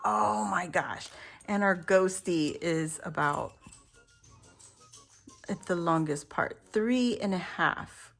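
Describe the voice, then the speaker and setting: A woman's voice: lowish voice, slow, creaky, long pauses, a bit bright, faint music behind. A woman showing off handmade crafts she got in the mail, gushing over every piece with lots of gasps and exclamations. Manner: gushing, exclaims and gasps often, laughs between lines. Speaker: crafting YouTuber. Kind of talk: unboxing a craft haul.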